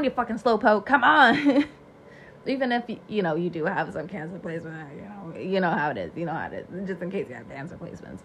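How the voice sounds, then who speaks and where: A woman giving a tarot reading, loud, profane and laughing as she hypes up her listeners. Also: fairly high pitch, a little hiss or hum. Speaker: tarot reader. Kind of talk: animated tarot reading monologue.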